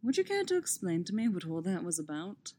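A woman's voice: fairly low pitch, big pitch swings, a little fast, warm tone, slight background noise. A woman reading the part of a polished male general who speaks with courteous, wry formality. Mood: curious.

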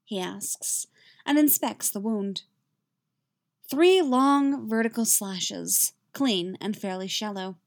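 A woman reading fan fiction aloud, in an expressive storytelling manner. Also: mid-range voice, takes it slowly. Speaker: reader.

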